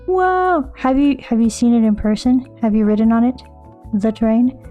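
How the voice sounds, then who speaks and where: A woman's voice: fairly high pitch, fairly even intonation, moderate pace, muffled recording, faint music behind. A young American woman chatting casually with her live-stream viewers, bubbly and self-mocking. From United States.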